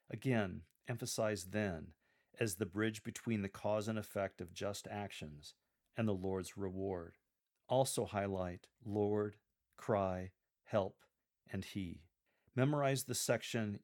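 A man coaching church lectors on reading scripture aloud, in a measured, deliberate voice. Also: on the low side, a little mellow. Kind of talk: instructional podcast narration.

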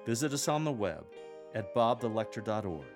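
Low-pitched male host, deliberate and emphatic coaching delivery with a playful streak. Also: sing-song, music in the background. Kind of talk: instructional podcast on scripture reading.

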